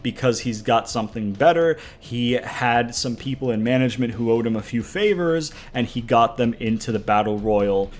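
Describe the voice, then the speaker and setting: A man's voice: medium pitch, normal speed, hardly any pauses. Rambling, self-mocking man recapping. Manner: rambling and loose, with casual swearing and self-mocking asides. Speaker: YouTuber running a wrestling game universe. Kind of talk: casual recap of a booked wrestling show.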